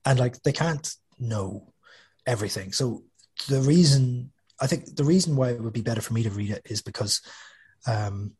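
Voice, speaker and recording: A man's voice: mid-range voice, moderate pace, a little mellow, breathy edge. A man, an author talking casually as an interview guest, chatty and self-deprecating with lots of restarts. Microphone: studio podcast microphone.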